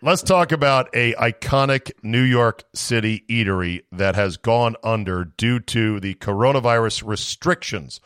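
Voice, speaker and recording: A man hosting a sports talk show, blunt and quick with questions. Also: medium pitch, fairly bright tone, clear, resonant tone, dry recording.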